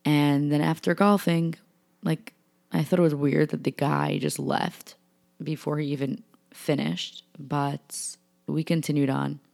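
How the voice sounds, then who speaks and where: Gravelly young woman telling a story. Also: deep voice, measured pace. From New York. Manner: animated retelling with acted-out quotes and many fillers. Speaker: vlogger. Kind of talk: personal storytelling.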